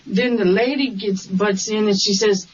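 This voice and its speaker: A woman's voice: mid-range voice, moderate pace. Woman taxi driver retelling, distant and hissy. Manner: animated retelling that acts out quoted dialogue. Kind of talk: recounting events in an interview. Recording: distant dull recording with hiss.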